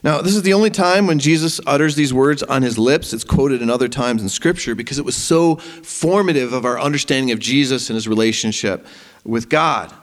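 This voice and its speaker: A man preaching a sermon as pastor, animated and rising to emphasis. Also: medium pitch, a little fast. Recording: long hall reverb.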